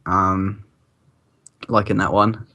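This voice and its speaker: A man's voice: fairly low pitch, flat delivery, slow, sharp tone. A man from England, chatting casually as a player in a wry, rambling way. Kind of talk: casual chat.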